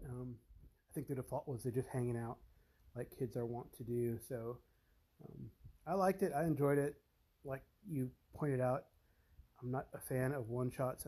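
A man in a casual podcast chat, speaking in a relaxed, thoughtful way with fillers. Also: medium pitch, breathy edge, rough recording.

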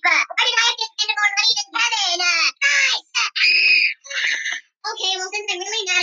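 A man playing a hyper, whiny young boy in a comedy web series, with a sped-up squeaky voice and a rambling, petulant, rapid-fire manner. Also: pushed and bright, exaggerated voice, rough recording.

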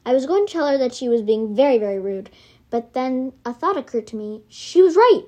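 A woman's voice: sits high, expressive, a little fast, warm tone. A woman reading her homemade storybook aloud, rambling into self-correcting asides.

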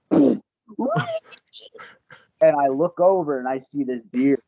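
A young man, a podcast guest, telling a casual story in an animated, profane way and laughing often. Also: fairly high pitch, takes it slowly, gravelly, no echo. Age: young adult. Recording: dull, lo-fi podcast audio.

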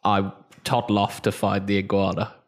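A man's voice: fairly low pitch, monotone, moderate pace. A man playing a tabletop game, laid-back and dryly joking. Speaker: player. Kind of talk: casual chat.

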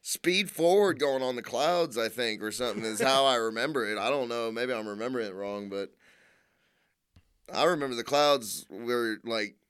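A man's voice: medium pitch, moderate pace, a bit bright, smooth. A man co-hosting a podcast, rambling and swearing as he talks. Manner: rambling, profane, trails off and restarts. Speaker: podcast co-host. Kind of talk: casual podcast chat.

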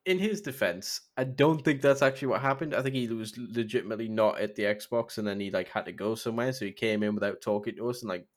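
A young man with a somewhat low voice spins a casual anecdote, full of "um"s and quick giggles. He talks like a relaxed podcast co-host on a call with a friend. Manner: giggly anecdote teller, trails off with "um". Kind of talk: casual storytelling chat.

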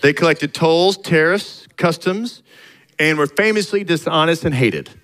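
A man's voice: on the high side, unhurried, a bit bright, poor audio. A middle-aged male pastor preaching a sermon in a conversational way, acting out little dialogues and rising to emphatic points.

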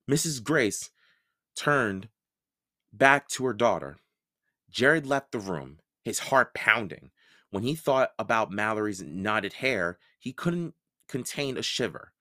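A man reads a children's novel aloud at a slow, careful pace, his pitch rising and falling with the story. He is recorded close on the mic in a dry space with no room echo. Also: big pitch swings, sharp tone. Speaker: podcast read-aloud host.

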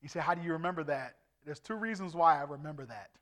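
Man in his 40s, evangelist, slightly high voice, earnest storyteller who acts out every exchange. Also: fast talker, a bit bright. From Indiana, USA. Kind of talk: preaching a personal testimony. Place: church service.

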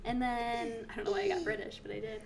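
A woman's voice: a little high, little pitch movement, fast talker, vocal fry, a little hiss or hum. A young woman co-hosting a podcast, chatting enthusiastically about music and laughing easily. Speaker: podcast co-host. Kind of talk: casual chat about music.

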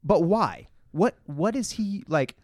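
A man's voice: high voice, animated, takes it slowly, dry recording, studio quality. Laid-back slangy man chatting. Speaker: podcast co-host. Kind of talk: casual chat about a TV episode.

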